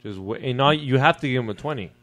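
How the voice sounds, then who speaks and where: A man in casual podcast chat, telling a story in a relaxed, slangy way. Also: medium pitch, quick pace. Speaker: podcast co-host.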